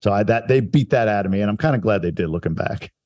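A man's voice: fairly low pitch, fast, a little mellow. A man from Long Island telling stories about his childhood in a casual, reflective and self-deprecating way on a podcast. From Long Island, New York. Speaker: guest telling his life story.

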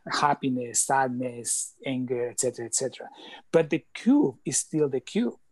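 A man talks as a guest coach in an interview, earnest and explanatory, often restarting his phrases. His voice sits in an ordinary middle pitch. The sound is dry and close, with little room around it. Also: lively intonation, moderate pace, no echo. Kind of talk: conversational interview talk.

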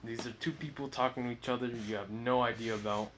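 A young man co-hosting a casual podcast, joking and rambling, often breaking into loud laughter. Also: medium pitch, fairly even intonation, fast, slight background noise, poor audio. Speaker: podcast co-host. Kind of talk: casual chat.

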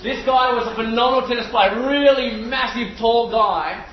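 An Australian man in his forties delivers a sermon in a fairly high voice. He tells stories with bursts of excitement and swings between hushed prayer and lively talk. The sound is echoey and a little dull, as if picked up in a big room. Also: moderate pace, recorded from a distance, a little hiss or hum. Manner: excitable, animated storyteller. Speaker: preacher. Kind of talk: sermon with storytelling. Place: room with a live audience.

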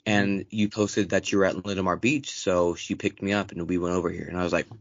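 A man's voice: deep voice, a little fast, no room sound. A young man co-hosting a podcast, telling a story in casual chat, swearing often and acting out other people's lines in a raised voice. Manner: profane, animated, acts out quotes in raised voice. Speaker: podcast co-host. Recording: dull lo-fi dry recording.

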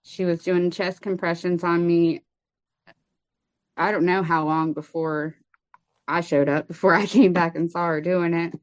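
A woman guest with a lower voice gives a hesitant personal testimony in an interview, halting with many fillers and restarts. Her tone stays level, and the recording is dry, dull lo-fi with no echo.

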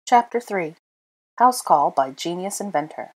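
A woman's voice: lowish voice, lively intonation, measured pace, slightly rough. A woman reading fan fiction aloud in an unedited home recording, narrating and speaking the dialogue with small shifts for each character. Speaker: audiobook reader.

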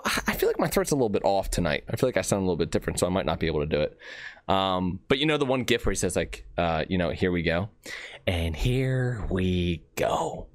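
A man hosting a casual podcast, rambling in an animated, self-joking way while nursing an aching tooth. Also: low voice, no room sound. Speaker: podcast host.

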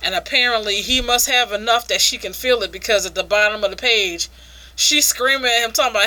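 A woman's voice: fairly high pitch, a little fast, bright, forceful tone. A woman casually reviewing an adult comic, frank and crude, laughing often.

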